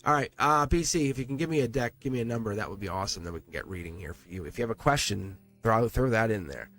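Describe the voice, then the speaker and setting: A man's voice: lowish voice, lively intonation, fast, fairly bright tone, soft background music. A man reading tarot on a live stream. He talks to his viewers in an earnest, encouraging way, repeats words and restarts his sentences, and swears now and then.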